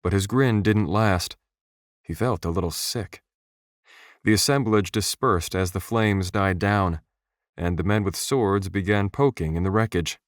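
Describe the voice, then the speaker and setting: Low-voiced man narrating an audiobook. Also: no room sound. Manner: steady, measured reading. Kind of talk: scripted narration. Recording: dry, close studio voice.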